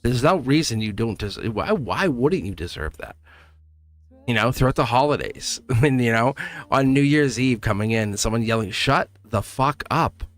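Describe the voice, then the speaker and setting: Homem risonho lendo tarô ao vivo. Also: male voice, mid-range voice, moderate pace. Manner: animated, laughs often, talks straight to viewers. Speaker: tarot reader. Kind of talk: live tarot reading.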